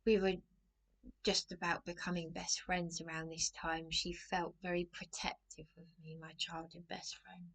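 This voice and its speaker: A woman's voice: on the low side, level tone, moderate pace, fairly bright tone. A middle-aged woman telling a rambling personal story to camera, anxious and often breaking off mid-sentence. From England. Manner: anxious, rambling, self-interrupting. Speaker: vlogger.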